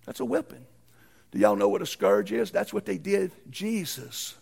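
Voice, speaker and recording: A pastor man delivers a sermon in plain folksy talk. His voice sits high and is very gravelly with a husky edge. He swings between shouted peaks and hushed drops. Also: big pitch swings, normal speed. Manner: folksy, uses ain't and y'all.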